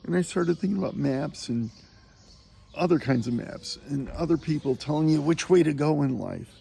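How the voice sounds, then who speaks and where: A man with a gravelly, mellow voice talks through a casual spoken meditation while out on a walking pilgrimage. He rambles and hesitates with plenty of fillers. He chuckles often as he tells his stories. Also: on the high side, expressive, moderate pace. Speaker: pilgrim vlogger.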